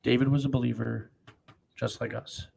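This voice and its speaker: A male preacher with a gravelly, fry-laden voice, reading Bible verses in a slow, deliberate cadence. He swings into profane, emphatic commentary and erupts loudly at times. His pitch sits in an ordinary middle range. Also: flat delivery. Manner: profane, swings between slow solemn reading and loud outbursts. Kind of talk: scripture reading with crude live commentary.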